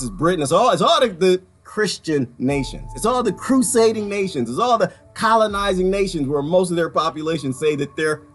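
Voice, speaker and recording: A man talking casually to his viewers about politics, animated, often breaking into laughter and repeating his phrases. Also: mid-range voice. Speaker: vlogger.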